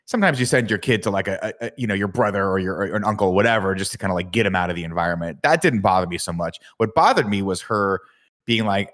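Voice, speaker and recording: A man's voice: low voice, quick pace, a bit bright. A man hosting a casual podcast chat, recapping a movie plot with jokes, swearing and acted-out quotes. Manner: laughing, swearing, acts out quotes. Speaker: podcast host.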